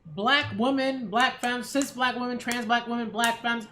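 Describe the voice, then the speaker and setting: A woman's voice: fairly high pitch, steady tone, normal speed, fairly bright tone, a little hiss or hum. A woman hosting her own channel, giving a casual opinion rant with emphatic, sarcastic delivery and frequent rhetorical "right?" check-ins. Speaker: culture critic and channel host.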